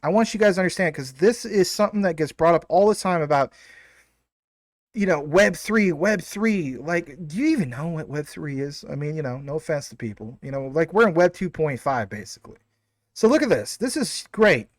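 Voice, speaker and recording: A man talks to his viewers in a casual, emphatic explainer style, tossing out rhetorical questions and correcting himself as he goes. His voice sits a little high for a man. The sound is dry, with almost no room echo. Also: lively intonation, a little fast. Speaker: crypto video host.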